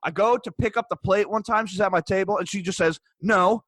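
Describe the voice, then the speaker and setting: A man co-hosting a podcast, telling a story in an animated, profane, ranting way into a close mic. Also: high voice, fast talker, no echo. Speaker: podcast co-host. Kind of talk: casual storytelling chat.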